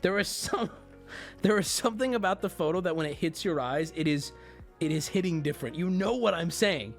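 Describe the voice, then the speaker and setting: A livestreamer in casual chat with viewers, loose and full of swearing. The voice sits at a middle pitch. Soft music runs faintly behind. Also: animated, normal speed. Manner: loose, profane, talks straight to chat.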